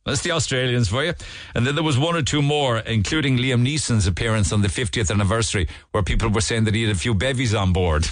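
A man's voice: mid-range voice, fast talker, dry recording. A man with an Irish accent hosting a radio show, chatting his way through the morning papers with digressions, restarts and asides. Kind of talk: casual newspaper review chat.

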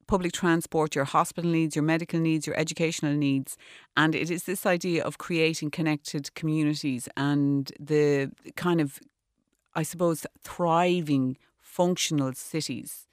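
A man's voice: on the high side, fairly even intonation, normal speed, no room sound, clean studio sound. An Irish man, an architect, talking through ideas in a rambling, discursive way full of restarts during a radio interview. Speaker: architect guest.

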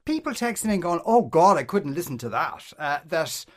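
A man hosting a talk show, halting and filler-heavy as he chats and reads messages. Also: on the high side, big pitch swings. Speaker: host reading listener messages. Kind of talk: casual radio chat.

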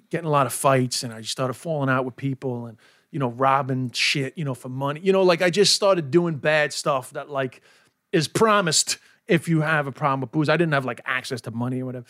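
A man's voice: medium pitch, fairly bright tone, no room sound, clean studio sound. A man with an American accent, a comedian talking as a podcast guest in a frank, self-mocking way with plenty of swearing. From New York, USA. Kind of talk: candid casual chat.

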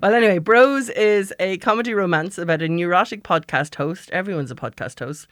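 A woman's voice: fairly low pitch, dry recording, clean studio sound. An Irish woman presenting a radio show, chatting casually and teasing her guest. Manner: warm, teasing, quick to laugh.

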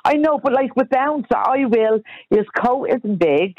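Insistent high-voiced woman on radio. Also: a little slow, no echo, highs cut off. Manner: animated, insistent, defensive. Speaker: radio panelist. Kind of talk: talk radio discussion.

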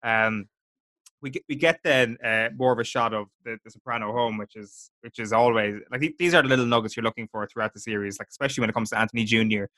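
Man, podcast host, chatty scene recap, bright forceful voice, dry close sound. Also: mid-range voice, fast, no room sound. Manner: chatty, recounts scenes, quotes characters.

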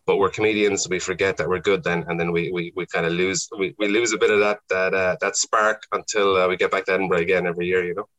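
A man's voice: low voice, fast talker, few pauses, rough recording. A man with an Irish accent, a stand-up comedian chatting casually on a podcast and telling stories. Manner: storytelling, lively anecdotes with acted-out quotes. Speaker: comedian guest.

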